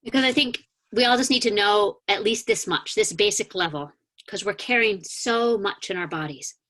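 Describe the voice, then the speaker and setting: A woman minister giving a sermon over a video call, gently guiding a grounding meditation with calm, inviting words and a few soft hesitations. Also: mid-range voice, normal speed. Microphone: video call mic.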